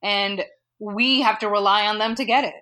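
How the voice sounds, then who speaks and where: A woman speaks casually on a podcast, at a middling pitch. She talks in a loose, chatty way, full of fillers and quick laughs. She is from California. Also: steady tone, bright, forceful tone. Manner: conversational, with frequent fillers and laughs. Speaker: data modeling guest.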